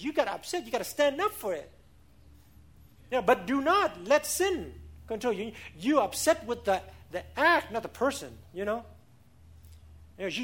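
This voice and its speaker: A middle-aged man preaching a sermon as pastor, emphatic, asking rhetorical questions, speaking English with non-native grammar. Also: high voice.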